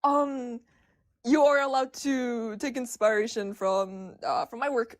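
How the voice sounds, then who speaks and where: A woman streamer chatting casually with her viewers, excitable and stumbling over her words with a stutter. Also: on the high side, a little slow. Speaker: streamer discussing comics with chat. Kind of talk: casual livestream chat.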